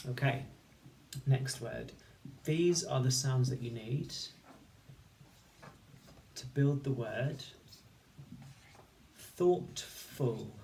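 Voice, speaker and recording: A man teaching a recorded phonics lesson, sounding out words slowly and clearly, one sound at a time. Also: mid-range voice, a little mellow, slight background noise. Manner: slow, clear, patient instruction with sound-by-sound segmenting. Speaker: primary school teacher.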